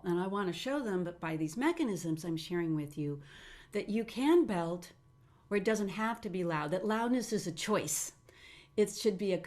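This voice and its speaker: A middle-aged woman teaching singing technique in a webinar, talking in a lively way and breaking off to demonstrate sounds with her own voice. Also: mid-range voice.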